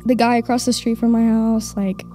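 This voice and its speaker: A woman's voice: fairly high pitch, little pitch movement, fairly quick, mellow, faint music behind. Young Oklahoma woman, rambling and nervous. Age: young adult. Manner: rambling, many "like" fillers, nervous laughs. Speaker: audience member telling a story. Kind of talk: live stage storytelling. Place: stage of a live event in a castle.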